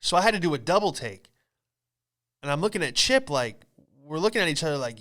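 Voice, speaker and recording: A man hosting a comedy podcast, telling a story in an animated, profane, exclamatory way. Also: a little high, brisk, long pauses.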